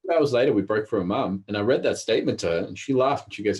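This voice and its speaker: A man talking as an interview guest, telling stories in a fast, animated way. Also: lowish voice, husky. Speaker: interview guest, behavioural specialist. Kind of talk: casual interview talk.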